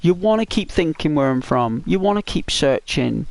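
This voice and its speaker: A man's voice: on the high side, animated, normal speed, gravelly, no echo. Rambling, teasing Northwest English man. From Northwest England. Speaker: gaming YouTuber. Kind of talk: casual chat with viewers during gameplay.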